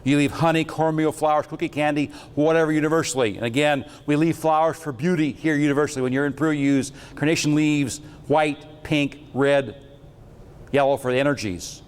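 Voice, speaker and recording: A man's voice: on the high side, steady tone, a little fast, smooth, long reverb tail. A man giving a lecture with slides on metaphysics, talking in a rambling, jokey and irreverent way.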